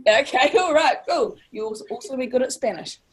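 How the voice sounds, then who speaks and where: A woman's voice: sits high, animated, a little fast, slight background noise. A woman with a New Zealand accent teaching a class, upbeat and encouraging, stretching words out to model sounds. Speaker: language teacher.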